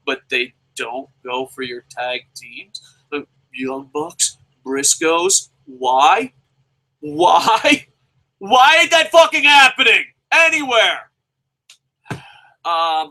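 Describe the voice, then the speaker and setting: A man reviewing a wrestling show in a casual, profane rant, his pitch leaping up whenever he gets exasperated. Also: poor audio. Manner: profane, animated, swears constantly; jumps sharply in pitch when exasperated.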